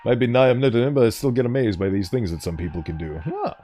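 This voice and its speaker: A man's voice: on the low side, expressive, a little fast, dark tone, slightly rough, faint music behind. A man streaming a game, chatting playfully with viewers and laughing often. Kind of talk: casual gameplay commentary.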